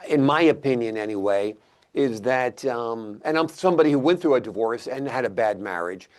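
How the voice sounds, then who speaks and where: A male interview host asks questions in a loose, conversational way with some hesitation. His voice sits at an ordinary middle pitch for a man. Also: animated, normal speed, a little mellow.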